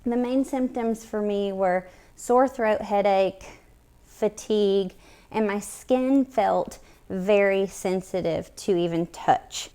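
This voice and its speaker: A woman's voice: medium pitch, slow pace, mellow, smooth. A woman, vlogging casually and candidly to her viewers while short of breath. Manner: conversational, candid, chatty with fillers. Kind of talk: casual health vlog to camera.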